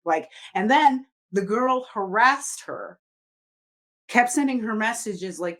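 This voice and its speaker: A woman's voice: medium pitch, animated, slow, fairly bright tone. A woman co-hosting a podcast, telling a story in casual chat, rambling with lots of fillers and swearing freely. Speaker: podcast co-host.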